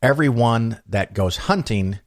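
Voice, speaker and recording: A man's voice: medium pitch, lively intonation, a little slow, no room sound, studio quality. A middle-aged man hosting his own podcast, telling a story and musing aloud in a chatty way, acting out the voices of people he quotes. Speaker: podcast host. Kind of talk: casual solo monologue.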